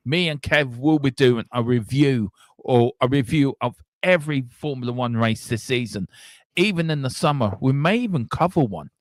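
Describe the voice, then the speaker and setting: A man's voice: medium pitch, moderate pace, no room sound. Rambling man hosting a watchalong. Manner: rambling, animated, swears casually. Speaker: watchalong host. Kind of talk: casual football watchalong chat.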